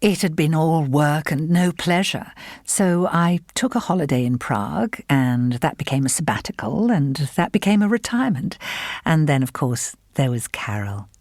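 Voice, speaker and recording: A woman reading the part of a merry, worldly retired woman in her later years, bright and amused in manner. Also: low voice, lively intonation, moderate pace, no room sound, clean studio sound. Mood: amused, effusive. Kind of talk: audiobook character reading.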